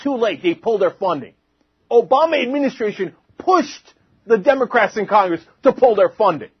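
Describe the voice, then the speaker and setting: A man's voice: high voice, lively intonation, moderate pace, husky, no room sound, highs cut off. A man hosting a political commentary show, delivering an indignant, mocking monologue.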